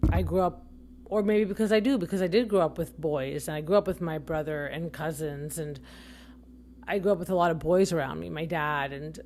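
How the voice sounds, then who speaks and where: A woman's voice: on the low side, a little mellow, a little hiss or hum. A young adult woman hosting a podcast, giving casual opinion commentary in a chatty, rambling way with frequent self-corrections. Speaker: podcast host.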